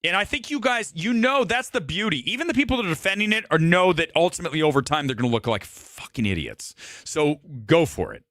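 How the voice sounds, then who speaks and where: A man hosting a movie talk show, ranting about films in a profane, animated way, his voice slightly hoarse. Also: a little high, quick pace, dry recording, clean studio sound. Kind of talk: live show, ranting opinion.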